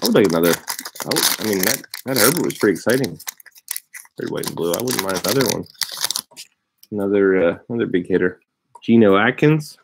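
A man hosting a sports card break, calmly reading out player names as he opens packs. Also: lowish voice, creaky, slight background noise. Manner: unhurried, reads out player names with bursts of excitement. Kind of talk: casual card-opening commentary.

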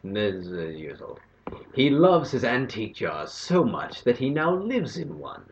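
A man voicing a slow, eerie ghost announcer in a deep, drawn-out spooky voice. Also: sing-song, dull audio, slight background noise. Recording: roomy echo, faint game music.

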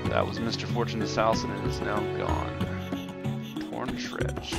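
A man's voice: on the low side, normal speed, vocal fry, loud music behind the voice. A man hosting and chatting casually over gameplay, upbeat and rambling with plenty of fillers. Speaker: server host and gaming commentator.

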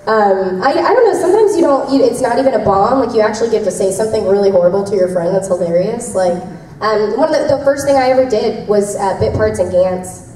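A voice actress telling convention fans behind-the-scenes stories in a giggly, rambling way. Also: female voice, mid-range voice, expressive, quick pace, mellow. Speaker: voice actress answering fan questions. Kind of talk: casual convention Q&A. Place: convention panel room. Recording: echoey room from far off, faint noise.

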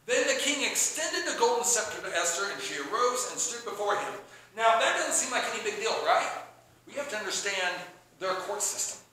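High, animated male preacher in an echoey hall. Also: a little fast. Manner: animated storytelling, acting out the characters' lines. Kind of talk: sermon retelling a scripture story. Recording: echoey room with faint background noise.

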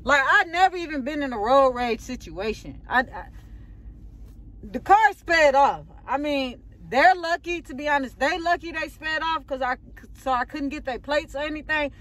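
A woman's voice: high-pitched, lively intonation, normal speed, a bit bright. A young adult woman vlogging a rambling, shaken rant from her car, repeating herself as she vents. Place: in or by a car on a road. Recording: outdoor road noise.

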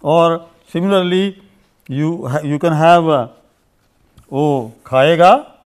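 This Indian man's voice is a little high, clear and resonant, and he speaks unhurriedly. Teaching grammar off the cuff, he goes on at length, saying "you see" and "uh" a lot and repeating examples in two languages.

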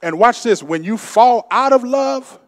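A male pastor preaches emphatically in an extremely high, animated voice at a slightly slow pace, calling out to his congregation. The church sanctuary gives the recording a long reverb.

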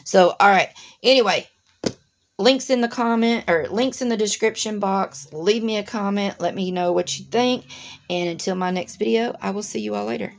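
A woman's voice: mid-range voice, normal speed, creaky. A woman, hosting a crafting channel and chatting casually through an unboxing to her viewers. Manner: chatty, instructive, addresses viewers directly.

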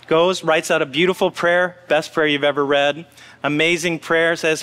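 A man's voice: high-pitched, normal speed, fairly bright tone. A man preaching a sermon in a church, telling stories with casual asides to the congregation. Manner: conversational, story-telling preaching with audience asides. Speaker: pastor. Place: church sanctuary. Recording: long church hall reverb.

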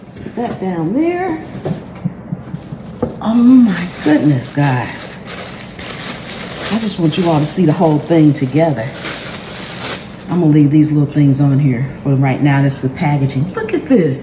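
A woman hosting a cooking channel, talking through an unboxing in a casual, effusive way and exclaiming often. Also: lowish voice. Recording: roomy with steady background noise.

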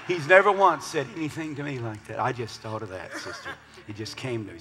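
A man preaching a sermon in a large church, swinging from hushed murmurs to loud shouts. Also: medium pitch, brisk. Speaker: pastor. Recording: long hall reverb with faint music.

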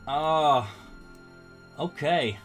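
A man's voice: a little high, drawn-out words, soft background music. A man casually commenting on his own strategy gameplay, thinking aloud with fillers and frequent laughter.

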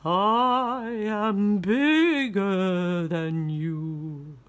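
A woman reading aloud and voicing a boastful male ghost, drawing out every word in a slow moan. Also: mid-range voice.

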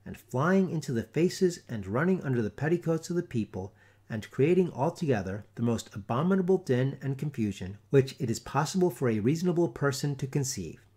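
A man reading a classic tale aloud in a theatrical, expressive storytelling manner. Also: medium pitch, husky. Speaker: audiobook narrator. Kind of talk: scripted story narration.

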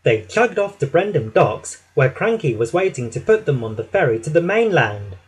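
A man reading a children's picture book aloud in an expressive, lively way. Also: a little high, normal speed, slightly rough, low-quality recording. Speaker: storybook narrator.

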